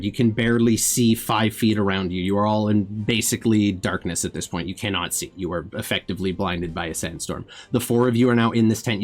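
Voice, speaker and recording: Deep-voiced man narrating as game master. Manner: vivid scene narration with frequent uh fillers.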